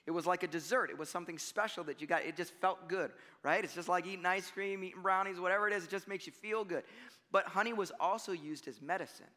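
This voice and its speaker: A man preaching a sermon in a relaxed, conversational way, telling stories and laughing at himself. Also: high-pitched, fast, in a large hall. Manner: conversational, storytelling with self-deprecating laughs. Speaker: pastor.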